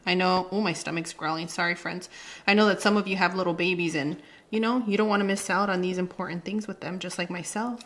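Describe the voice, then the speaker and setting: A woman's voice: fairly low pitch, fairly even intonation, quick pace, fairly bright tone. A woman in her thirties hosting a casual home cooking video in her kitchen, chatty and playful, dropping in Spanish words as she talks. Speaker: cooking channel host.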